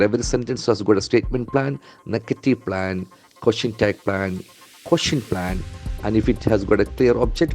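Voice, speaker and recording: A man's voice: fairly low pitch, a little mellow. A man teaching vocabulary from the news, spelling words letter by letter and repeating them. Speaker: English trainer. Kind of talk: newspaper vocabulary lesson.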